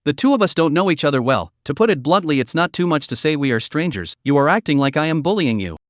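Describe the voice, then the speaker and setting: A man's voice: fairly high pitch, lively intonation, fast talker, no echo, clean studio sound, natural voice. A man voicing a blunt, cool-headed young woman who questions others sharply. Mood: cold.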